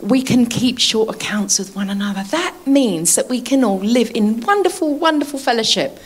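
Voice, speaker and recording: A woman's voice: fairly high pitch, expressive, moderate pace, slightly rough. A woman preaching a sermon in a chatty way, laughing often and asking her listeners to agree.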